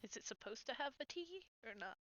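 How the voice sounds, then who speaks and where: A woman's voice: a little high, lively intonation, fast talker, pushed and bright, dry recording. A young woman playing a tabletop game, playfully narrating what her character does. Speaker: player. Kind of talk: tabletop role-play narration and chat.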